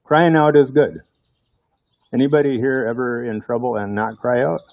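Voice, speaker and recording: A man's voice: medium pitch, fairly even intonation, moderate pace, vocal fry, no echo, narrow, tinny audio. A man preaching a sermon in a conversational way, often putting rhetorical questions to his congregation.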